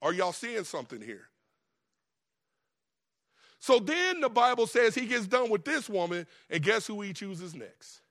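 Lively, laughing male preacher. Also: high-pitched, measured pace, pauses often. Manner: lively storytelling, laughing often, acting out the characters. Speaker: pastor. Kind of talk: sermon.

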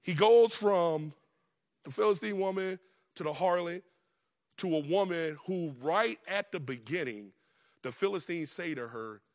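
A man preaching a sermon as the pastor, telling a Bible story in a casual, lively way, laughing often and acting out the characters. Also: high voice, a little slow.

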